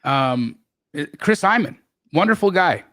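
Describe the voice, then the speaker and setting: A middle-aged man telling stories as a podcast guest, animated, often repeating words and restarting. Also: unhurried, no echo. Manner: animated, acts out quoted voices with big pitch jumps. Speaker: guest real estate investor. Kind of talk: storytelling in a podcast interview.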